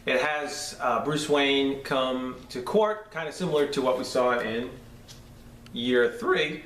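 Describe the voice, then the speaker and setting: An enthusiastic man with a New York accent talks loosely as a podcast host, piling on fillers and restarts. His mid-pitched voice sits back from the microphone in a roomy, echoing space. A faint hiss runs underneath. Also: slow pace, a bit bright, far from the mic. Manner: enthusiastic, rambling with many fillers. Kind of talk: casual episode review. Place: room shared with a co-host. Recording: roomy echo, off-mic, faint noise.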